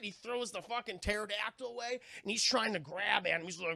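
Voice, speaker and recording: A male streamer whose voice is heavily gravelly and creaky, pitched high and bright. He retells a film in an animated, profane, chatty way and keeps talking to his chat. The sound is close and dry. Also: fairly quick, few pauses, no echo. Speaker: live streamer and film reviewer. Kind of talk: casual scene-by-scene film retelling.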